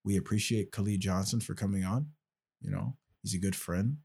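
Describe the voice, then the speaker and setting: A man's voice: fairly low pitch, fairly quick, creaky, a little mellow, slightly rough. A man hosting a podcast in casual chat, loose, joking and rambling. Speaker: podcast host.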